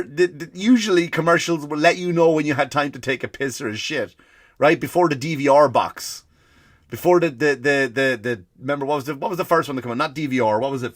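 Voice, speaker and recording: A man's voice: fairly high pitch, a bit bright, dry recording, clean studio sound. A man hosting a comedy podcast, ranting profanely and firing off rhetorical questions. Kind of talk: comedic rant.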